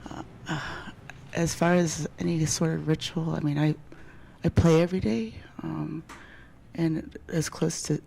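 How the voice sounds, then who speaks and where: A woman violinist speaking as a panel guest, hesitant with many pauses, soft-spoken and grateful, with a gravelly voice. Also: low voice, fairly even intonation, a little hiss or hum. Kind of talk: casual panel talk.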